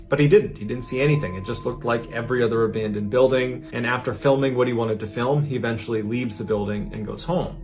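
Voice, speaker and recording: A man hosting a podcast, narrating a true mystery story in a calm, hushed, suspenseful way. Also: mid-range voice.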